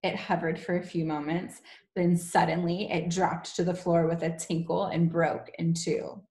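A woman teacher reading a children's novel aloud to her class in an expressive, gentle way. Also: lowish voice, normal speed. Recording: echoey room.

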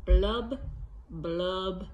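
A woman voicing a glum, gloomy male fish, chanting in a mopey sing-song with low blubs. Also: drawn-out words, a little mellow, lo-fi sound, faint music behind.

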